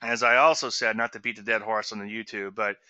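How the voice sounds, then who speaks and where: A man's voice: fairly low pitch, flat delivery, brisk, pushed and bright, no room sound, highs cut off. A middle-aged man from Louisiana giving trading commentary in a chatty webinar, with sarcastic asides and a habit of tagging "okay?" onto points.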